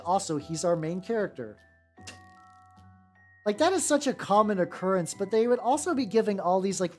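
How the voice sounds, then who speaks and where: A woman's voice: fairly low pitch, darkish tone. A woman chatting casually on a miniature painting stream, rambling with many restarts and some swearing. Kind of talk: casual livestream chat.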